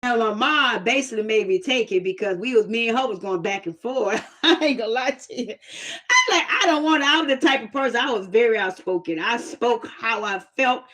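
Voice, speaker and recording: A woman casually telling a personal testimony story, animated and plain-spoken, laughing often. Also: on the high side, a little fast. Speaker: host sharing a testimony.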